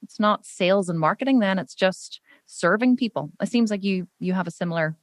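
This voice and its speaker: Fast-talking Northern Irish woman host. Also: mid-range voice, dry recording. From Northern Ireland. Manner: animated, rapid storyteller. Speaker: podcast host. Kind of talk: casual interview chat.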